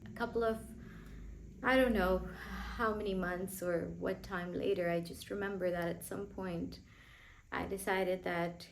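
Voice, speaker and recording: A young woman vlogger telling a painful personal story, emotional and halting, with frequent restarts. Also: lowish voice, steady tone, vocal fry, a little hiss or hum, rough recording.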